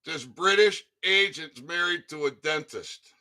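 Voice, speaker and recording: Slow, sharp-voiced ranting man. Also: animated. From Michigan. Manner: profane, swings from low muttering to angry shouting. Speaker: online commentator. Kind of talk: reading news aloud with ranting commentary.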